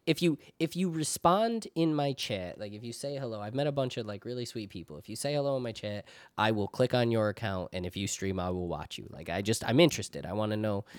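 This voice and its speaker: A man hosting a casual chat, relaxed and jokey, with quick affirmations. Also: lowish voice, no echo, studio quality.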